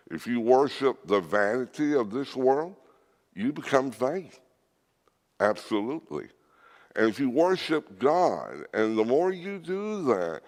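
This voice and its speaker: A man delivers a sermon with a lively, rising and falling pitch. He speaks slowly and deliberately, stressing his points. His voice rings with the long reverb of a church hall. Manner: earnest, emphatic teaching with scripture readings. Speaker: preacher.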